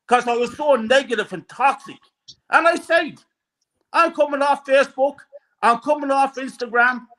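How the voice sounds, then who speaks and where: Furious high-pitched football fan. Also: male voice, sharp tone, rough recording. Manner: furious, swearing, emphatic. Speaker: guest fan. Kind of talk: angry fan rant on a live stream.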